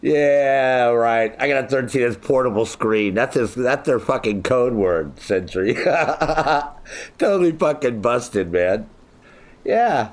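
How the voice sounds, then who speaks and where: A man's voice: medium pitch, lively intonation, slow pace. Swearing, laughing male game streamer. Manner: profane, joking, laughs often while chatting with viewers. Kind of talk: casual livestream chat.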